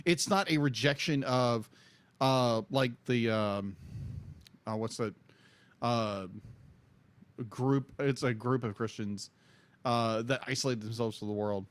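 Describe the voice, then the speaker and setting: A man's voice: mid-range voice, takes it slowly, long pauses. A man co-hosting a podcast, chatting casually and hesitantly with many fillers. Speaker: podcast co-host. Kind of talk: casual chat.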